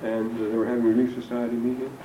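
A man's voice: medium pitch, little pitch movement, very fast, dull audio. An older man giving a classroom lecture on scripture, digressive and anecdotal with dry humor. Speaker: religion lecturer. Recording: roomy distant lecture recording with background noise.

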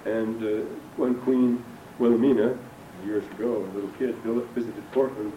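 A man's voice: lowish voice, steady tone, moderate pace, dark tone, dull audio. Older man, religion lecturer, anecdotal, dry humor, distant mic, hissy background. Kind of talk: classroom lecture on scripture. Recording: roomy distant lecture recording with background noise.

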